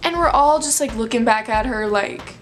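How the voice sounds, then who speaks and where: A woman's voice: fairly high pitch, normal speed, slight background noise. A young woman in her late teens telling a storytime vlog in a chatty, filler-heavy, breathless way. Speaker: vlogger.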